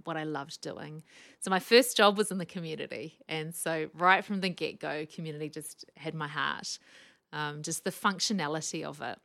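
A woman, a speech pathologist guest, telling lively anecdotes and laughing often. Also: sits low, gravelly. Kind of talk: casual storytelling chat.

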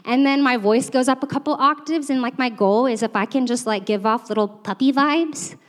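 A woman's voice: high voice, moderate pace. Chatty, laughing young woman in a hall. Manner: chatty, self-deprecating, laughs often, many fillers. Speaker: church staff speaker. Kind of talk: storytelling sermon. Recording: long reverb from a large hall.

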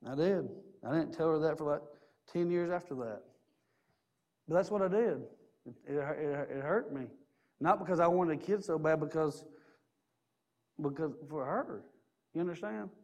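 A man in middle age delivers a sermon in a notably high voice. He speaks earnestly and personally, weaving in his own stories and repeating phrases for weight. His pitch rises and falls as he moves between quiet reflection and emphatic points. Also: normal speed, pauses often. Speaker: preacher.

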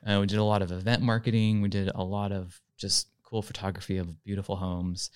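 A man, a podcast guest, telling his career story in a relaxed, casual way with lots of "like" fillers. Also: sits low, fairly quick, clean tone, dry recording, studio quality. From California. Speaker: podcast guest, real estate marketing director.

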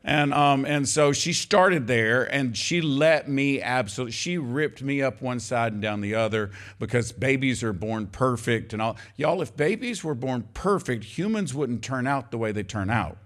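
A man's voice: mid-range voice, animated, moderate pace, few pauses, fairly bright tone. Older man, pastor, sermon, emphatic, chatty with the congregation. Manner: emphatic, conversational preaching, addressing congregation as y'all.

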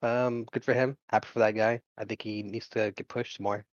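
A man's voice: lowish voice, flat delivery, moderate pace, no echo, lo-fi sound. A man from Florida co-hosting a casual podcast, joking and cursing as he chats. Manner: profane, joking banter. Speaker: podcast co-host. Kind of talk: casual chat.

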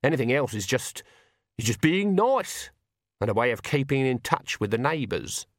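A man's voice: mid-range voice, very animated, normal speed, no echo, clean studio sound. A man voicing a stern, fierce old woman witch in an audiobook, with blunt, preaching rural speech. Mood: fervent. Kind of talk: audiobook character voice.

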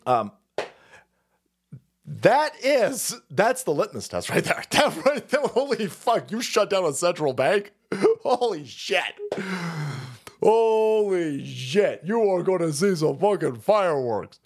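A man rants through political commentary in a high, very animated voice that swoops up and down. He curses freely, laughs often and pushes his lines hard, like a host riffing alone on his show. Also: unhurried. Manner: loud, profane, laughs often, swings pitch wildly. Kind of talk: profane ranting commentary.

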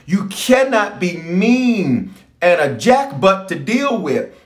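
A man's voice: high voice, sing-song, slow, echoey room. A man who is a bishop, preaching and praying with fervent call-and-response and lots of repetition. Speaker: bishop and pastor.

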